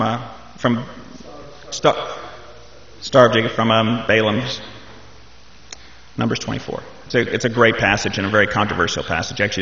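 A man's voice: medium pitch, a bit bright. A man hosting a ministry meeting, talking in a rambling, hesitant way and introducing the speaker. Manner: rambling, hesitant, full of fillers. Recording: echoey hall, dull lo-fi sound.

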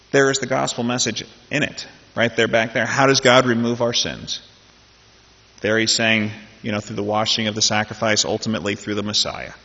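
Male pastor, chatty sermon delivery, husky voice in a dull, echoing church hall. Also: mid-range voice, bright, forceful tone. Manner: conversational, joking asides, repeats phrases. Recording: dull lo-fi sound in a reverberant hall.

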